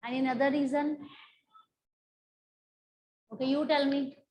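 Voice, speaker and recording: A woman's voice: high voice, level tone, unhurried, darkish tone, low-quality recording. A woman teacher with an Indian English accent, leading a class lesson, repeating her questions and coaxing her students to answer.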